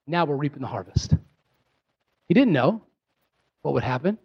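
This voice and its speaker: A man in his thirties, a pastor preaching a sermon emphatically, talking directly to his congregation and rising into excited bursts. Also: a little high, moderate pace, slightly rough, lo-fi sound. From Pennsylvania. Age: 30s.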